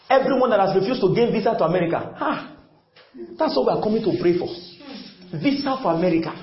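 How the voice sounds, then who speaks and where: A man's voice: high voice, lively intonation, fast talker. Emphatic preacher man, echoey hall. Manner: emphatic, repetitive call-and-response preaching, often shouting. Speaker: pastor. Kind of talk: sermon. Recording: echoey, dull lo-fi church recording.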